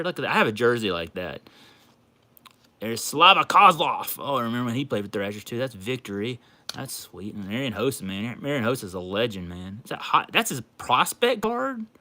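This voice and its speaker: Male livestream host, bright, gushing, excitable; casual chat. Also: medium pitch. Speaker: card collecting livestream host. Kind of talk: casual livestream chat while opening a package.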